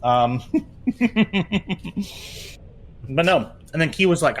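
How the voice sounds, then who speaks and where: A man in casual chat, telling a story with swearing, laughter and animated quoting. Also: mid-range voice, unhurried, long pauses.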